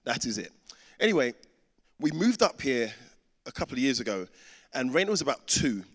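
Animated pastor in a reverberant hall. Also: male voice, mid-range voice, normal speed. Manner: animated storyteller who acts out the voices in his story. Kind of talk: sermon with a personal story.

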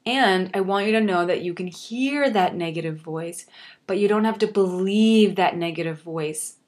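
A young woman hosts a motivational podcast, her lowish, slightly mellow voice moving at a moderate pace. She speaks earnestly and encouragingly, reflecting on herself and talking straight to the listener.

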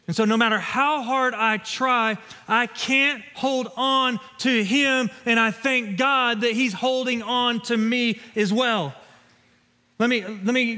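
Earnest pastor preaching in reverberant church. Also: male voice, high voice, sharp tone. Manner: earnest storytelling, emphatic repetition. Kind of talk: sermon. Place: church sanctuary.

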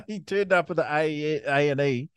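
A man's voice: on the high side, measured pace, smooth, no room sound, clean studio sound. A New Zealand man co-hosting a podcast, telling stories with plenty of swearing and laughter in a casual chat. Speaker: podcast co-host. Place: resort room, in person.

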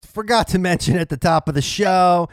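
A man's voice: high-pitched, moderate pace, dry recording, studio quality. A man hosting a casual podcast, sarcastic and profane. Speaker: podcast host. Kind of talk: casual chat.

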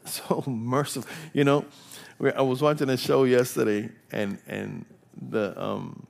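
An older man preaching a sermon, impassioned and repetitive, swinging between hushed whispers and loud, rising exclamations. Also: medium pitch, fairly even intonation, unhurried, vocal fry.

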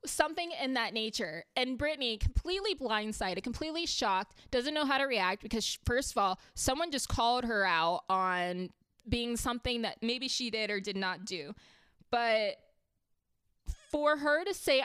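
A chatty woman recaps reality TV in a casual, heated way and swears when something annoys her. Her voice is smooth and clear. The sound is dry and close, with no room around it. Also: a little high, lively intonation, moderate pace, fairly bright tone, no echo.

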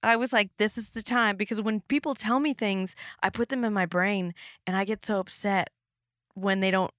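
A woman's voice: medium pitch, steady tone, moderate pace, no echo, clean studio sound. Laughing woman podcast host, casual chat. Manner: rambling, laughs often.

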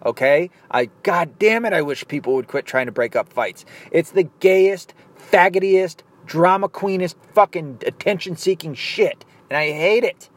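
A man's voice: high voice, moderate pace, hardly any pauses. A man hosting a podcast, ranting casually in a blunt, profane, opinionated way. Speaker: podcast host.

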